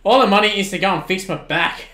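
An Australian man in his twenties streaming a football video game, shouting at the plays and then chatting casually with viewers. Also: sits high, fast, roomy sound. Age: 20s. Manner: excitable, swings from shouting at the game to relaxed chat. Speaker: gaming streamer. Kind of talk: live-stream commentary and chat replies.

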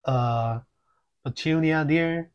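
Brief: man reads a jittery, hesitant storybook husband; slightly high, slow and halting. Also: smooth, lo-fi sound. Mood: uneasy. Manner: hesitant, mumbling, with halting pauses. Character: nervous middle-aged man, fussy and uneasy. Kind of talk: audiobook reading.

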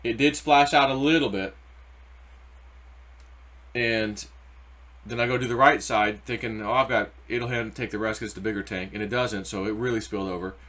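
Middle-aged guy rambling about markets, bright forceful voice, loose storytelling. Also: fairly low pitch, fairly even intonation, normal speed, long pauses. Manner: rambling, anecdotal, spiritual asides. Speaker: crypto YouTuber. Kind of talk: casual market commentary.

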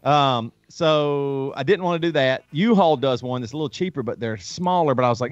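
A man's voice: mid-range voice, moderate pace, hardly any pauses, no echo. A man hosting a casual show, telling stories in a rambling way with many restarts. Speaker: host. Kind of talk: casual chat. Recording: dull lo-fi stream, faint music.

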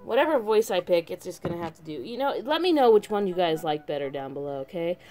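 A woman's voice: fairly low pitch, expressive, fast, mellow, soft background music. Chatty, hesitant woman gamer. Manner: chatty, hesitant, self-questioning. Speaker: let's play gamer. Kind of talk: casual game commentary.

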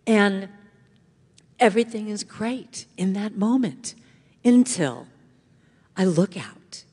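A middle-aged woman giving an inspirational talk to a congregation, telling a story in an animated way and acting out the voices. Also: mid-range voice, takes it slowly, breathy edge. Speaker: guest speaker. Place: large church hall. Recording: long hall reverb.

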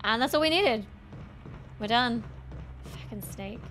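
Excitable high-voiced woman streaming a game. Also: a little slow. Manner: excitable, swears, screams and laughs at scares. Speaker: streamer playing a horror game. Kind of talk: gaming stream commentary.

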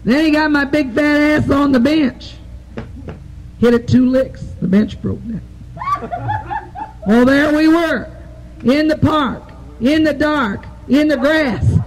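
A woman's voice: high voice, takes it slowly, long pauses. A woman telling crude, folksy jokes in a drawl on a live stand-up stage, full of "you know". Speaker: stand-up comedian. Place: live club stage before an audience. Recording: old tape recording, faint hiss.

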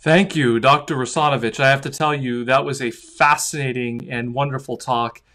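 A man's voice: medium pitch, steady tone, moderate pace, pushed and bright. A man, a priest, thanking the speaker and opening a question-and-answer session. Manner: gracious and appreciative. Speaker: priest moderating Q&A. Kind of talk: moderating a Q&A.

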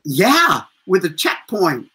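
A man's voice: high voice, slow, breathy edge. A man in his fifties, a street performer telling profane stories with lots of laughter as a guest. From USA. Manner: animated, profane, laughs often. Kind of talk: casual storytelling interview.

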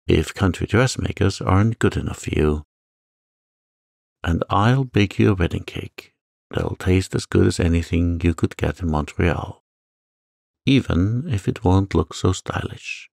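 A man voicing a sharp-tongued elderly country aunt who speaks in a dry, plain, matter-of-fact way. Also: low-pitched, creaky, no echo, heavily acted.

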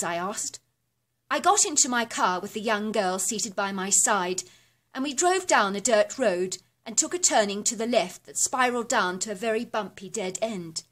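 A woman reading a first-person horror story aloud in a steady, descriptive storytelling manner. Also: mid-range voice, moderate pace. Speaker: narrator.

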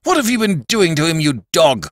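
A man plays an agitated doctor in a storybook, who shouts in a sharply raised, excited voice. The sound is close and dry. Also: on the high side, fairly quick, no echo, voice pushed up. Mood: alarmed. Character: agitated alarmed middle-aged male doctor.

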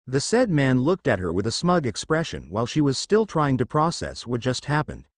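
A man's voice: medium pitch, sing-song, normal speed. A man reading fan fiction aloud as a narrator, telling the story expressively. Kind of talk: scripted fanfic narration.

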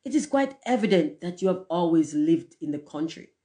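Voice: medium pitch, lively intonation, normal speed, mellow, lightly acted. A reader voicing a pompous, conceited firework rocket in a storybook reading, with grand, haughty declarations.

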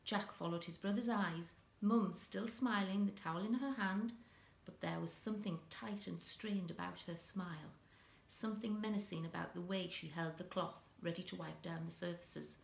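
A woman reading a children's story aloud with an expressive, dramatic delivery, in an echoey room. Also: fairly low pitch, normal speed, vocal fry.

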